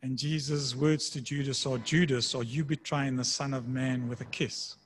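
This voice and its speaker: A man preaching a sermon in a conversational way, slowing down to read scripture aloud. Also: mid-range voice, fairly even intonation, slight background noise. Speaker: pastor.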